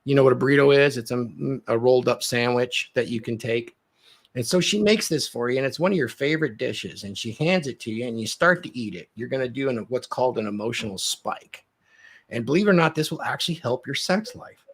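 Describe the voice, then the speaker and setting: A man with a husky, slightly rough voice talks through relationship advice in a podcast conversation. He is animated and keeps slipping into little acted-out scenes to make his point. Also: medium pitch, brisk. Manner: animated, acts out quoted lines. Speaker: dating coach. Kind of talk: podcast chat.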